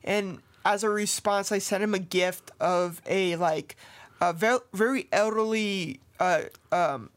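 A man's voice: high voice, unhurried, a bit bright, smooth. A man hosting a podcast, telling a true-crime story in a loose, rambling way with lots of fillers and swearing. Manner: rambling, profane, filler-heavy. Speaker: podcast host. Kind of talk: casual storytelling of a true case.

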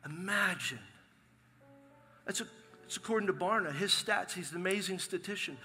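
A middle-aged male pastor, preaching a lively, joking sermon in a large church. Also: high voice, moderate pace, faint music behind. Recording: long hall reverb from a live sanctuary.

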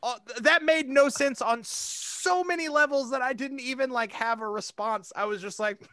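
A man's voice: extremely high pitch, moderate pace, sharp tone, no room sound. A man in casual chat, talking animatedly, with lots of "like" fillers and frequent laughter.

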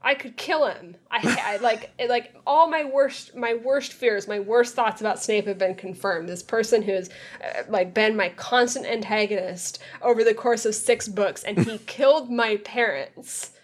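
A woman co-hosting a casual book podcast, animated and exasperated as she picks apart a chapter. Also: a little high. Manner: animated and exasperated, quick to mock. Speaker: podcast co-host. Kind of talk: casual book-club chat.

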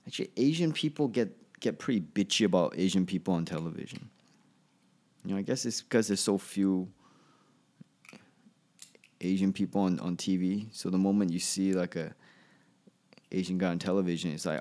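A comedian delivers a rambling solo podcast monologue with a low, slightly mellow voice at normal speed. He pauses often, tends to trail off, and restarts his sentences in an offhand way.

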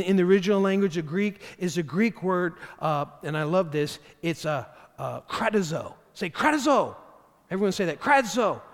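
A man preaching a sermon as pastor, animated and acting out the voices of the figures he quotes. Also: high voice. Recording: long hall reverb.

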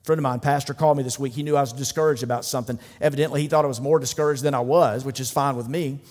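A man's voice: mid-range voice, fairly even intonation, racing, darkish tone. A man preaching a sermon as pastor, building his points through rhythmic repetition and rising intensity. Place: church sanctuary. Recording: long reverb of a large hall.

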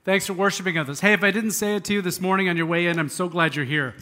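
A man's voice: high voice, fast talker, sharp tone. A male pastor preaching a conversational sermon with casual asides and restarts in a church sanctuary.

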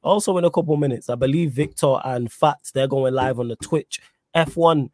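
Energetic man hosting a podcast. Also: medium pitch, no room sound, clean studio sound. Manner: energetic, rapid promo shout-outs in slang. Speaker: podcast host. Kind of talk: casual podcast outro with plugs.

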